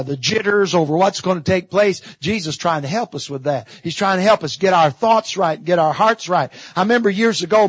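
A middle-aged visiting evangelist preaches a sermon from a church pulpit in the sanctuary, using folksy storytelling and emphatic repetition. His voice sits high, and the recording is dry and muffled.

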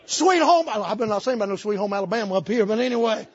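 Folksy preacher, high husky voice. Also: male voice, expressive, fast talker, highs cut off. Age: 50s. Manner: folksy storytelling with Southern idioms. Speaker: pastor. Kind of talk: sermon. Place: church sanctuary.

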